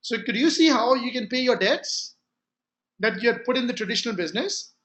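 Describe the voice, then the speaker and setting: Male sales trainer, emphatic, repeats himself, sharp high voice. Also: lively intonation, fairly quick. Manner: emphatic, repeats key phrases, frequent restarts.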